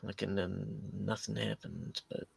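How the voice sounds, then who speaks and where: A man voicing a wistful young woman who left home, speaking hesitantly with many pauses. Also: lowish voice, level tone, gravelly, slightly rough, exaggerated voice. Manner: hesitant, halting, full of pauses.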